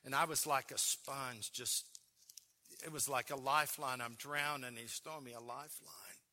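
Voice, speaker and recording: A pastor delivers a storytelling sermon in a sharp, very forceful voice. He talks earnestly and with emotion, often stumbling over and repeating his words. It sounds like he is speaking from the pulpit of a church. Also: mid-range voice, fairly even intonation, normal speed. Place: church sanctuary.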